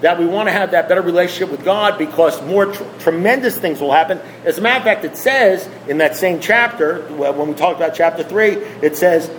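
A man's voice: high-pitched, a little fast, hardly any pauses, a little hiss or hum, low-quality recording. A man speaking to a recovery meeting, emphatic and repetitive, firing rhetorical questions at the room. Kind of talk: impassioned talk to a group.

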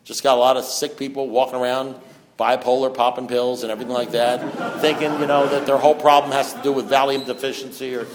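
A middle-aged man giving a blunt, preachy talk at a recovery meeting, swinging from loud urging to low, quiet passages. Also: level tone, quick pace, noisy background. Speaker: AA speaker.

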